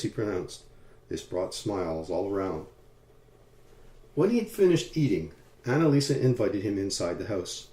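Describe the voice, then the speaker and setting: A man reading a story aloud in calm, measured audiobook narration. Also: fairly low pitch. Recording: roomy echo.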